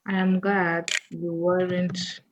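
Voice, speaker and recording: A woman teaching a coding lesson over a screen recording, thinking aloud slowly as she types. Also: fairly low pitch, level tone, muffled recording, a little hiss or hum. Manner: slow, thinking aloud while typing. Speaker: coding tutor.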